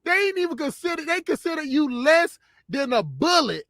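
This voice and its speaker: A man's voice: extremely high pitch, sing-song, moderate pace, a bit bright, dry recording, studio quality. A man co-hosting a casual talk show, speaking emphatically and opinionatedly and often laughing. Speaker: podcast co-host. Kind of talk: casual conversation.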